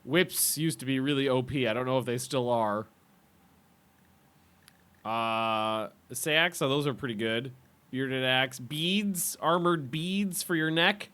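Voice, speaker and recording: A man's voice: medium pitch, slow pace, bright, forceful tone, smooth. A man casually chatting with viewers while streaming a game, rambling and laughing often.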